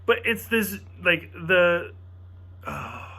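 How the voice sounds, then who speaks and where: A man's voice: high voice, sing-song, drawn-out words, gravelly, bright, forceful tone, husky. A young man casually reviewing episodes, rambling and acting out quoted lines from a friend.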